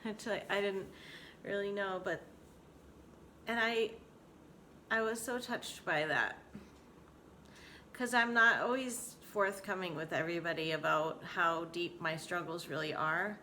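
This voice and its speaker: A woman in her forties talks openly to the camera at home in a casual vlog. Her voice sits a bit low but sounds bright and crisp, and her manner is candid and emotional. A faint hiss sits behind her. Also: a little slow. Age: 40s. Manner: candid, emotional, laughing often. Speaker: vlogger. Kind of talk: casual personal vlog talk.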